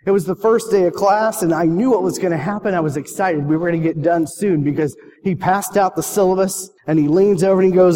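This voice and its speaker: A man's voice: high voice, a little fast, few pauses, warm tone. Earnest preacher man in a reverberant hall. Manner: storytelling, earnest questions. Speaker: pastor. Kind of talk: sermon.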